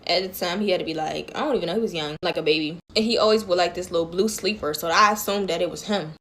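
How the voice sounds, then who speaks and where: A woman's voice: on the low side, fast talker, fairly bright tone. A woman chatting loosely to her phone camera as she tells a scary story, talking straight to her viewers.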